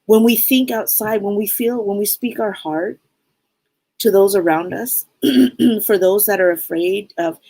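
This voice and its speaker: A woman's voice: mid-range voice, a little slow, dark tone, dry recording, rough recording. A woman hosting a casual live stream as a psychic, talking to viewers in an upbeat, rambling way and often repeating her phrases.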